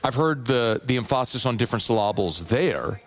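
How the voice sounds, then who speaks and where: A hoarse man hosting sports radio, playful and rambling. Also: mid-range voice, animated, moderate pace. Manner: playful, rambling, riffs on pronunciation. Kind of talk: casual radio talk with live ad read.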